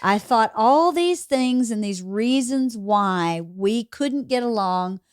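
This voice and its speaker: A woman's voice: a little high, expressive, slow pace, clean tone, no room sound, studio quality. A woman hosting a podcast, telling personal stories in a candid, casual way. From Georgia. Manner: candid storytelling, swears casually. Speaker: podcast host. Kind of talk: casual conversation.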